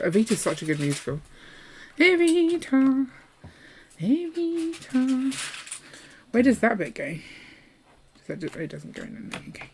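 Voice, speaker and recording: A chatty, playful woman with a slightly lower voice, talking casually through a hands-on building session. She rambles cheerfully and hosts a live stream. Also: a little mellow, a little hiss or hum. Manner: chatty and playful, breaks into song. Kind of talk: casual chat while building.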